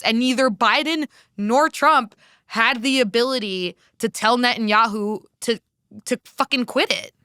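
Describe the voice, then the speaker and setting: Bright, clear American woman podcaster. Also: fairly high pitch, no room sound, studio quality. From United States. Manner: candid, swears freely, lots of "like". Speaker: podcast co-host. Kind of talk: casual political chat.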